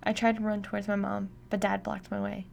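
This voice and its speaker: A woman giving steady, intimate first-person audiobook narration. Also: mid-range voice, fairly quick, vocal fry, slight background noise.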